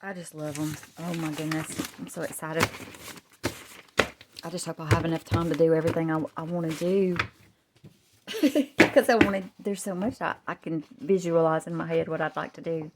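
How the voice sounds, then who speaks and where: Woman, low voice, gushing and half-whispering close to the camera at home. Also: flat delivery, a little fast, very noisy. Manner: gushing, often softly whispering. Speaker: craft vlogger. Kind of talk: show-and-tell craft vlog. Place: home, husband in another room. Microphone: camera held close up.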